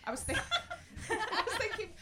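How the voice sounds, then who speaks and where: A woman's voice: very high-pitched, big pitch swings, a little slow, crowd noise. A woman chatting and telling anecdotes as a regular player on a live comedy panel show. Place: live stage venue.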